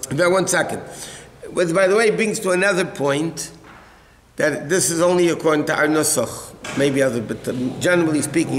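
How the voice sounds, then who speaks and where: A man's voice: a little high, fairly bright tone. A man, a rabbi, teaching a religious law class in a conversational, explanatory way and fielding questions from listeners. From United States. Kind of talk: halacha class lecture. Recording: echoey hall.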